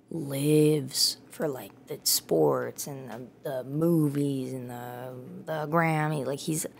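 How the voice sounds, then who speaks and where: A woman's voice: low voice, creaky, a little mellow, a little hiss or hum. A young woman hosting a casual solo podcast, rambling and swearing freely with lots of "like" and "dude". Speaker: podcast host.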